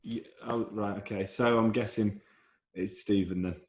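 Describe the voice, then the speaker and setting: Brief: male co-host, low voice, hesitant guessing, echoey room. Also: fairly even intonation, moderate pace, crowd noise. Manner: hesitant, thinks aloud with ums. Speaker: podcast co-host. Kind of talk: casual banter, guessing game.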